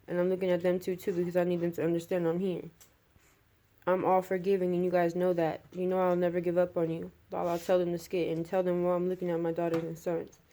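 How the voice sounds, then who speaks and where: A woman's voice: fairly low pitch, completely flat delivery, quick pace, dark tone. A woman in an earnest, rambling spiritual monologue, speaking straight to the camera.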